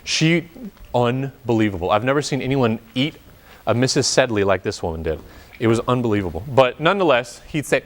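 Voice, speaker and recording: A man's voice: medium pitch, expressive, a little fast. A man coaching singers in an opera workshop rehearsal, chatty and joking, drifting into stories as he explains. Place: rehearsal room.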